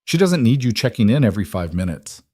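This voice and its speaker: Snappish ex-wife, curt, dismissive, read by a low-voiced man, dry close sound. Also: sing-song, fast talker, mellow, no room sound. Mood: sharp dismissive. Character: bitter, dismissive divorced mother.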